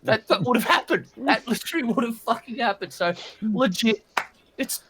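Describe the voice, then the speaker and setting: A man's voice: very high voice, normal speed, sharp tone, slightly rough. A man with an Australian accent chatting casually on a podcast panel, swearing freely. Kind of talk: casual chat.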